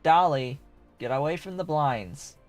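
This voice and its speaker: A man gives relaxed, rambling commentary on the game he's streaming, his intonation lively and his pace measured. Thinking aloud, he also slips into a high baby voice to address his cat, with faint music playing behind.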